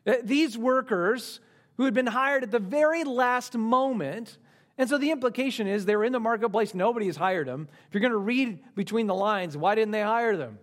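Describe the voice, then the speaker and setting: A man preaching a sermon, swinging dramatically between lively and hushed delivery. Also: high-pitched, moderate pace.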